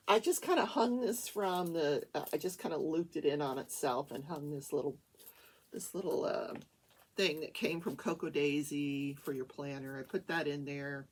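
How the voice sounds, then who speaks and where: A woman hosting a crafting talk show, chatting in a rambling, animated way from a small home studio. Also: low voice, normal speed, slightly rough. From Wichita, Kansas, USA. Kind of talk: casual chat while crafting.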